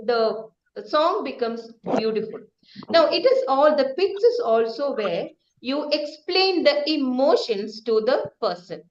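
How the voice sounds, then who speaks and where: A woman's voice: sits high, a little hiss or hum. Woman teaching vocal variety. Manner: demonstrates with singing and acted tones, asks the class questions. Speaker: speech trainer. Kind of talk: interactive lesson on vocal variety. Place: classroom or hall with students. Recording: dull roomy hall recording.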